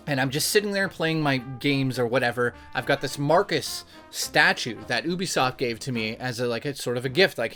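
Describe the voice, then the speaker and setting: A young man, a YouTuber, telling a story to his viewers in an animated, excitable, jokey way. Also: a little high. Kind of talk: casual storytelling vlog.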